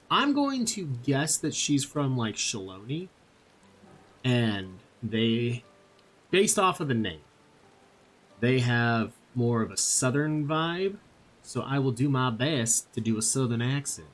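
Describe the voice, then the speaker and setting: Rambling, husky-voiced male gamer. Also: mid-range voice, very animated, slow pace, fairly bright tone. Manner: rambling, self-deprecating, thinks aloud. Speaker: gaming channel host. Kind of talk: casual gameplay commentary.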